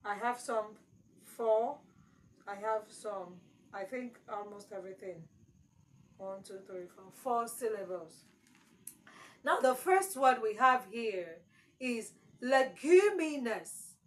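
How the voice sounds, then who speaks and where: A woman's voice: fairly high pitch, fairly bright tone, poor audio. A woman teaching exam prep, repeating key words with strong emphasis. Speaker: English teacher.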